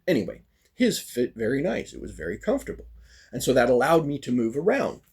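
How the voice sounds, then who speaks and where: Man, husky mid-pitched voice, casual animated storyteller who acts out dialogue. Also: a little fast. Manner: animated, acts out quoted lines, frequent fillers. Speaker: storyteller recounting a fighting practice.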